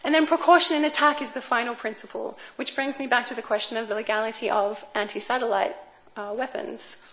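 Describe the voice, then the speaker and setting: Woman, fairly high voice, lecturing on law, measured delivery with fillers. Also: fairly even intonation, bright, forceful tone. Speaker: speaker on space law. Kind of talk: academic talk. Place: lecture room.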